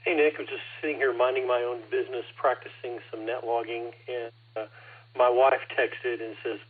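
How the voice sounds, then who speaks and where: A wry man with a husky voice telling a short story while checking in on a ham radio net. He comes through a tinny, phone-like radio line. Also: mid-range voice, flat delivery, normal speed.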